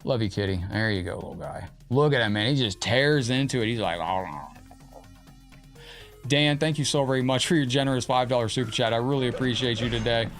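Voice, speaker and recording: A man's voice: mid-range voice, fast talker, hardly any pauses, fairly bright tone, faint music behind. A man streaming a fighting game, chatting casually with viewers and talking sweetly to his cat. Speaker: gaming streamer. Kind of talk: casual live-stream chat.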